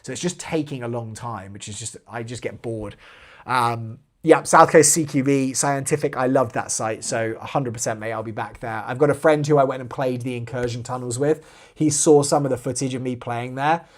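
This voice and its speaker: Man, southern English accent with American touches, casual live Q&A host, chatty, rambling, average pitch. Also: normal speed. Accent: southern English with slight American inflection. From southwest London, England. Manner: chatty and rambling, trails off quietly at sentence ends. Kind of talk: casual live-stream Q&A, reading chat aloud.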